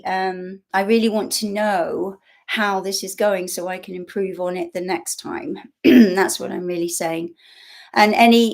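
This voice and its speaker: An English woman chatting casually on her first live stream, rambling warmly with lots of fillers and little laughs, recorded through a built-in laptop microphone. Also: medium pitch. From England. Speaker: YouTube host.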